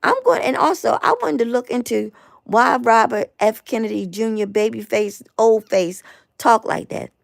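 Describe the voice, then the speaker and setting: Host, woman; fired-up repetitive live rant, gravelly hoarse tired voice, dry close sound. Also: on the high side, moderate pace, no echo. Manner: emphatic, repetitive, stumbling restarts. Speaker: host of a live online show. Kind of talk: impassioned live rant to viewers.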